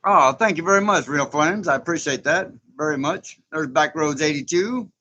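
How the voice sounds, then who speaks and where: A man's voice: fairly high pitch, moderate pace, pushed and bright, muffled recording. A man hosting a casual live stream, folksy and chatty, often chuckling as he greets viewers.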